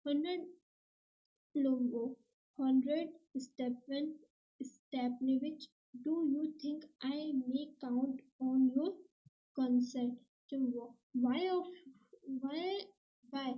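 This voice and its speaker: Slow, high-voiced woman reading aloud. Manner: halting, word-by-word reading with restarts. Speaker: teacher reading a play aloud. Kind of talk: slow read-aloud lesson. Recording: dull lo-fi recording.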